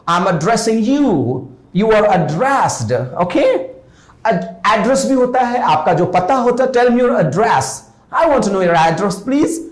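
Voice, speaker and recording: A man's voice: high voice, fairly quick, reverberant. Indian english teacher guy drilling words over and over, voice jumps all over, bit of hindi mixed in. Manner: repetitive, animated drilling, mixing in Hindi. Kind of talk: classroom lesson with drilled example sentences.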